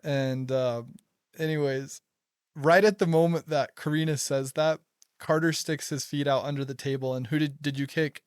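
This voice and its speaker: Young host, giggly storyteller with a smooth, clear voice, recorded dry and close. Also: male voice, fairly high pitch, moderate pace, no echo. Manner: laughs a lot, excitable storytelling. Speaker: podcast host. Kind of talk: casual chat.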